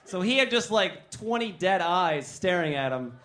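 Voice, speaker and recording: A man's voice: high-pitched, lively intonation, normal speed, pushed and bright. A man doing stand-up comedy, rambling, joking and talking with the crowd.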